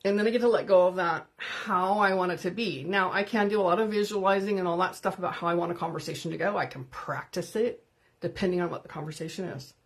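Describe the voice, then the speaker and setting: A woman's voice: lowish voice, quick pace. A woman hosting an unscripted live stream, talking candidly and greeting viewers by name as she goes. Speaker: livestream host.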